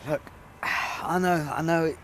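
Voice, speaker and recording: An actor playing a young Englishman who talks haltingly and tearfully to a lost friend, sighing between phrases. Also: on the high side, steady tone, a bit bright, slight background noise. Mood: grieving, scared. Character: grieving young man talking to a dead friend.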